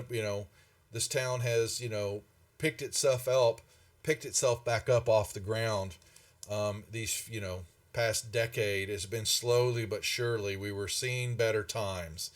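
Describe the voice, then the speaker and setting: Man doing a weary, resigned innkeeper. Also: on the low side. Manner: resigned, explaining.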